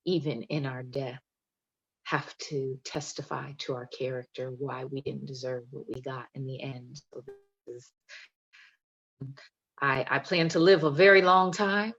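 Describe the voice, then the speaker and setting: A woman's voice: rumbling low, steady tone, unhurried, a bit bright, dull audio. A woman poet reading her poems with emphatic, playful delivery and chatting between them over a video call. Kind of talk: poetry reading and chat.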